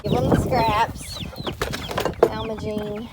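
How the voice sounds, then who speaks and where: A woman's voice: fairly high pitch, level tone, takes it slowly. A woman chatting casually in a farm vlog, talking to and teasing her animals. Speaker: farm vlogger. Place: outdoor farmyard with chickens and goats. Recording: noisy outdoor farmyard, clucking chickens. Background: chickens clucking.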